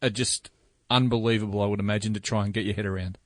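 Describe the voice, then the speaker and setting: A man co-hosting a golf podcast, asking enthusiastic, halting questions. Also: lowish voice, steady tone, no echo. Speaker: podcast co-host. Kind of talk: casual interview chat.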